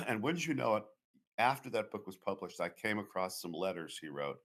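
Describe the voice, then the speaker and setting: Talking at normal speed, this Boston-area man's low-leaning, somewhat bright voice swings widely in pitch. He's a guest author in an interview, rambling through long, anecdotal stories.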